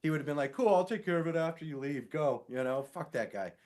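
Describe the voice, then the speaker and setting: Animated man telling a story. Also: a little high, fast. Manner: animated, acts out quoted voices. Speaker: podcast co-host; sewer inspector. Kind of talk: casual storytelling chat.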